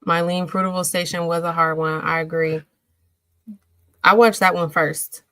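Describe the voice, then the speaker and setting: A woman hosting a casual livestream, chatting with viewers and answering their comments in an emotional, animated way. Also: on the low side, moderate pace, no room sound, rough recording. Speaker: livestream host.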